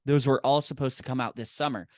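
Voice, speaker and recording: A man's voice: mid-range voice, steady tone, fast talker, darkish tone, dry recording, studio quality. A man co-hosting a podcast in casual chat, enthusiastic and rambling. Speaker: podcast co-host.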